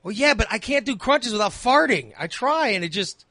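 A man's voice: extremely high pitch, lively intonation, fairly quick, pushed and bright, no echo, studio quality. A man hosting a call-in chat, blunt and teasing, with crude humor. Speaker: host.

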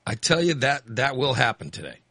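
A man's voice: medium pitch, big pitch swings, brisk, a bit bright, no room sound, studio quality. A man hosting a call-in radio chat, rambling and acting out angry voters. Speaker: radio host.

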